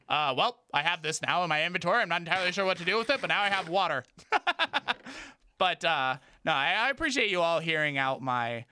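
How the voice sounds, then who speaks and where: A man streaming a video game, chatting in a rambling, halting way with many restarts and breaking into high startled yelps. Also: bright, forceful tone. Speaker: gaming streamer. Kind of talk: casual livestream gaming chat.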